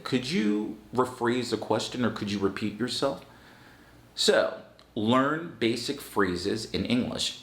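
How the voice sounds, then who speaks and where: A man giving an online English lesson, talking slowly and deliberately with firm emphasis. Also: mid-range voice, fairly bright tone, reverberant. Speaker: English teacher.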